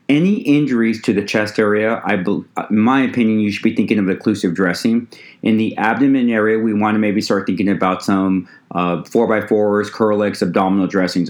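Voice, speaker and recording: Guy w a lowish voice lecturing emt students, chatty teacher vibe. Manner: conversational teaching, addresses "ladies and gentlemen". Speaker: EMT instructor. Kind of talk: recorded lecture podcast.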